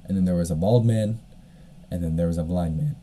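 Podcast guy with a deep mellow voice, rambles, lots of "like" and "you know what i mean". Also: fairly quick, slight background noise. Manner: rambling, heavy fillers, frequent coughs. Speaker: podcast host. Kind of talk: casual storytelling monologue.

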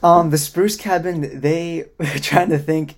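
A young man co-hosting a podcast, laid-back in casual chat and lively when he tells a story. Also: on the high side, a little slow, vocal fry. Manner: laid-back, animated when telling stories. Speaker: podcast co-host.

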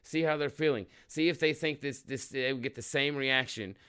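A man's voice: medium pitch, moderate pace, a bit bright, smooth. A male podcast host giving heated, rambling, profanity-laden casual commentary.

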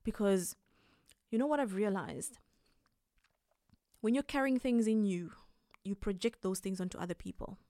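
A woman hosting a casual advice monologue, animated and quick to laugh as she acts out little scenes. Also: medium pitch, no echo, studio quality. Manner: animated, acts out quoted reactions, laughs often. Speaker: podcast host.

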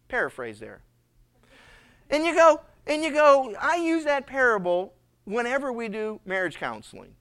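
A man preaching a sermon as a pastor, telling Bible stories lively and acting out the characters, often repeating and restarting his words. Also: extremely high pitch, normal speed.

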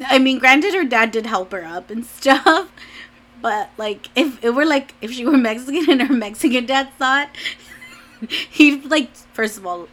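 A woman's voice: high voice, expressive, normal speed, a bit bright. A young adult woman vlogger chatting casually, rambling with lots of "like"s and restarts, and often laughing. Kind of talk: casual chat.

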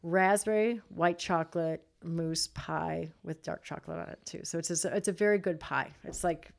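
A woman's voice: fairly low pitch, moderate pace, creaky. A middle-aged woman, a mother co-hosting a casual family chat, telling a story with lots of laughter. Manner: animated storytelling with frequent laughter. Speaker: co-host, mother.

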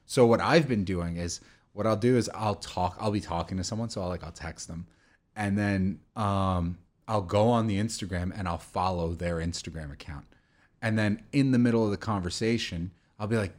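A young man co-hosts a casual podcast chat, rambling and cursing freely as he goes. His voice sits a little low, and he restarts his sentences often. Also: normal speed, a little mellow. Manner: rambling, profane, with many restarts and fillers. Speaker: podcast co-host.

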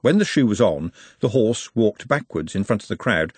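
An audiobook narrator reads a novel in a wry, expressive manner at normal speed, his husky, middle-register voice ranging widely in pitch. The scripted narration is recorded close and dry, with no room sound or echo.

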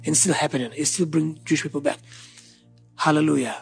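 A man delivers a sermon, repeating phrases for emphasis and calling out hallelujah. His voice sits high, with a rough, gravelly and husky grain. It echoes through a large hall with soft music underneath. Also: fairly even intonation, brisk. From Israel. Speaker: preacher. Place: church hall. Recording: large hall with long reverb and faint music.

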